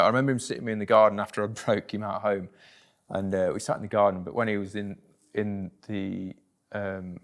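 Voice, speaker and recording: British male guest, low voice, plain-spoken, halting with fillers. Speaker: interview guest. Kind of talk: candid personal storytelling.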